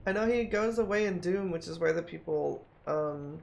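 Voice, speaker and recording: A streamer muses aloud while playing a mystery game, often repeating themselves as they puzzle things out. The voice is medium-pitched and gravelly at a moderate pace, with the highs cut off and slight background noise.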